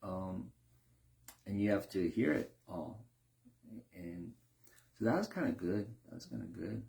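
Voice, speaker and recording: A man talking casually in a reflective monologue, with many fillers and restarts, briefly acting out other people in a higher voice. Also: lively intonation, a little slow, gravelly, darkish tone. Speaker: speaker sharing reflections.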